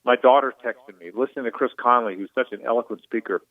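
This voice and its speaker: A middle-aged man from Jacksonville speaks earnestly and with feeling, doubling back on his words as a broadcaster calling in. His voice sits in a middle pitch and comes through a thin, phone-like line with no room sound. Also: quick pace, dry recording. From Jacksonville, Florida. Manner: earnest, emotional, repeats words. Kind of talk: reflective on-air talk. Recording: tinny phone line, dry.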